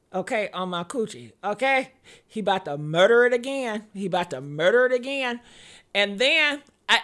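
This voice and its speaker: A young woman hosting a show, telling a story in casual chat, dramatic and laughing loudly as she goes. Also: fairly high pitch. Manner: loud, laughing, dramatic retelling. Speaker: show host.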